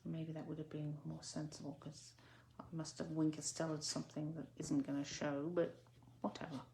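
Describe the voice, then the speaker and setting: A woman's voice: sits low, completely flat delivery, normal speed, vocal fry, mellow, reverberant, slight background noise. A woman demonstrating card making in a chatty, self-correcting way, sometimes dropping to a near-whisper while she concentrates. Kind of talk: casual crafting tutorial.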